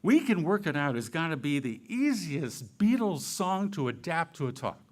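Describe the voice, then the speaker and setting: A man's voice: fairly high pitch, big pitch swings, normal speed. A man giving a sermon-style church talk, asking the audience questions and adding playful, jokey asides. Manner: asks the audience rhetorical questions. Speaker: church speaker.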